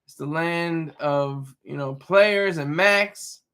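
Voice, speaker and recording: A man with a high, bright voice talks loosely off the cuff as a stream host, answering his chat. His delivery halts often, doubling back on words and correcting himself mid-sentence. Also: clear, resonant tone. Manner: rambling, halting, frequent restarts and self-corrections. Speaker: livestream host reading chat. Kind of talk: casual rambling commentary.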